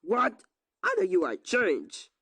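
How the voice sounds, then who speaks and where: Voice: medium pitch, takes it slowly, breathy edge, exaggerated voice. Rudolf, someone voicing a yelping hiccup-prone cartoon character. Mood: lively. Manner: excitable, full of yelps and exclamations. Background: music.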